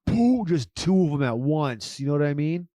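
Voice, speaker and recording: A man co-hosting a casual podcast, loose and profane as he riffs along. His voice sits a bit high for a man and comes through dry and close to the mic. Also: big pitch swings, moderate pace, mellow, no room sound. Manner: loose, profane, riffing banter. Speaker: podcast co-host. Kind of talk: casual chat.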